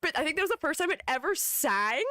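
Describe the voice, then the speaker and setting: A playful woman streamer chats casually into a close, dry microphone and giggles often. Her voice sits a little high and swings widely in pitch. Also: sing-song, fairly quick, pushed and bright, no room sound. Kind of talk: casual live-stream chat.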